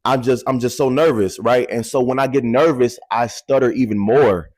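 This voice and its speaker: Young man, casual storytelling vlog, animated and candid, dry close sound. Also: medium pitch, moderate pace, no room sound. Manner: animated, candid, addresses viewers as y'all, casual swearing. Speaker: vlogger telling a personal story.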